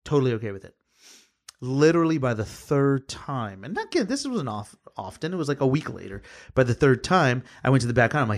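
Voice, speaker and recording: Man, casual storyteller, animated, plays all the parts in his anecdotes. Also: mid-range voice, quick pace. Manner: animated, acts out quoted dialogue, swears casually. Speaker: podcast guest, former service advisor.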